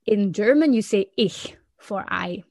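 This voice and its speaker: A woman from Flanders, a Dutch speaker, chatting lively as a podcast co-host, laughing often and restarting sentences. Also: mid-range voice, measured pace, vocal fry, no room sound, studio quality. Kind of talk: casual explanatory chat.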